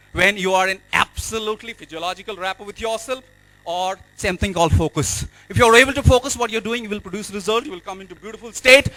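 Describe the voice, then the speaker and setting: Indian male life coach, high sharp voice, energetic stage speaker. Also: rough recording. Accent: Indian English. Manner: energetic, repetitive, exhorting the audience. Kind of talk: motivational stage speech. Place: hotel event hall.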